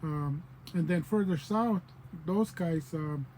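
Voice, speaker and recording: A man teaches in an unhurried, casual way, saying example words over and over to make a point. His voice sits a bit high yet stays mellow and relaxed. A faint hiss of background noise runs under the recording. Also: poor audio. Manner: explains patiently, repeats example words. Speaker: language teacher. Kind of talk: casual spoken language lesson.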